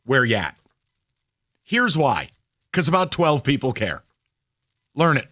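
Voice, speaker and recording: Lively, teasing male radio host. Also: medium pitch, no room sound, clean studio sound. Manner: brisk, teasing, quick to laugh. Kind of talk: sports radio banter. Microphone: studio mic.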